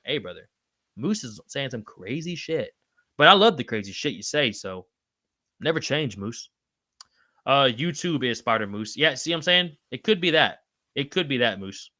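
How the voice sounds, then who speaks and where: Recorded with clean studio sound and no echo, a man hosts a livestream, reading and replying to viewers' comments by name. He talks casually, swears liberally, and his pitch jumps high when he's excited.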